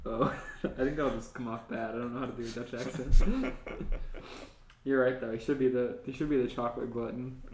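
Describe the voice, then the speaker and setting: A man reading fanfiction aloud on a comedy podcast at an everyday pitch. The sound is roomy, with a clear echo. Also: steady tone, a little fast, darkish tone, a little hiss or hum. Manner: reads aloud, often laughing. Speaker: podcast co-host.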